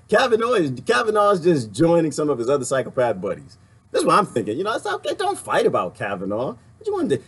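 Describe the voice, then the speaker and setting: A man ranting casually to his viewers, animated and often laughing, with a husky voice. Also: on the high side. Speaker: vlogger. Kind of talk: casual rant to camera.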